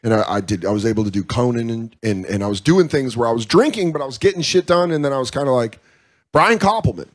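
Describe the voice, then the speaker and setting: A comedian guest in candid casual talk, frank and profane, acting out quoted voices. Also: male voice, medium pitch, lively intonation, fast talker. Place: comedy club.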